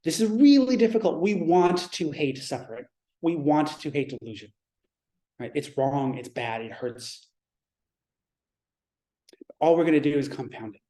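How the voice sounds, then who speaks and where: Male Zen teacher, dharma talk; mellow, warm tone, reflective delivery with pauses. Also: mid-range voice. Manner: reflective, measured, with pauses and restarts.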